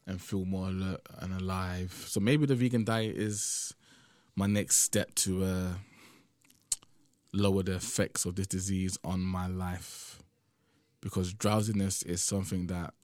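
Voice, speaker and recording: A man's voice: fairly low pitch, no room sound. A young man hosting a casual solo podcast, rambling conversationally and often adding "man", sounding tired and drowsy. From United Kingdom. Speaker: podcast host.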